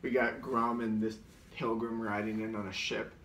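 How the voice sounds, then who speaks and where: A man's voice: lowish voice, level tone, moderate pace, fairly bright tone, a little hiss or hum. A man telling stories in a casual, rambling way, leaning on "like" and restarting his sentences. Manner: rambling, heavy use of "like", frequent restarts, briefly mimics voices. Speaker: comedian recounting his sketches. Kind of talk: casual storytelling. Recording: roomy sound from a distant mic.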